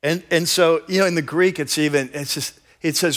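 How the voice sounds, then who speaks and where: Male pastor, higher-pitched voice, casual enthusiastic sermon delivery with vivid storytelling. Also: unhurried, long pauses, a bit bright.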